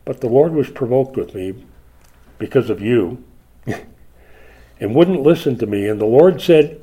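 An older man preaching a sermon as a pastor, dropping soft for asides and rising high when he pleads. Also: expressive, a little slow, pauses often, low-quality recording.

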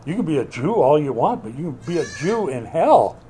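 A man preaching a sermon as pastor, swinging between loud emphatic bursts and quiet asides, with a wry, joking touch. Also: a little high, big pitch swings, fairly quick, slight background noise. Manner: wry, joking delivery with mock quotes.

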